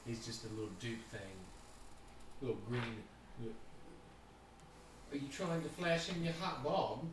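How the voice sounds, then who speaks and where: A man's voice: medium pitch, lively intonation, unhurried, recorded from a distance, background noise. A man narrating a tabletop game as game master in a loose, joking way. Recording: very echoey room, voice off-mic.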